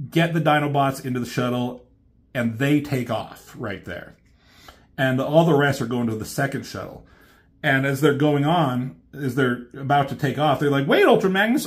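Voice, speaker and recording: Rambling man retelling a comic. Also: medium pitch. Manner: rambling, many fillers, swears. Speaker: reviewer.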